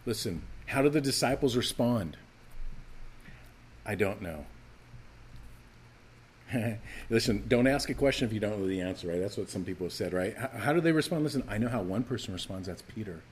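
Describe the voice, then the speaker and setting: A man preaching a sermon to his church, animated and emphatic, acting out the scripture's voices as he teaches. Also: on the low side, normal speed, pauses often, a little hiss or hum. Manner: animated, acts out quoted lines, rising to emphatic calls. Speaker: pastor.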